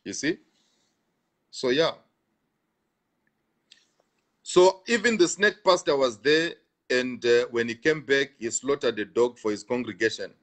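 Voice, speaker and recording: A man's voice: mid-range voice, normal speed. A man, a pastor, talking on a live stream and answering viewer comments, repeating himself for emphasis and laughing between points.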